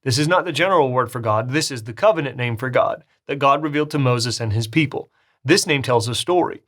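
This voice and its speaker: A male Bible teacher talking through scripture in a relaxed lecture. His voice sits at an ordinary middle pitch. He pushes it up for emphasis, and he often stops to rephrase or correct himself. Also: fairly quick. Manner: conversational, with restarts and self-corrections; emphatic, rising on key phrases. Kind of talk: recorded Bible study lecture.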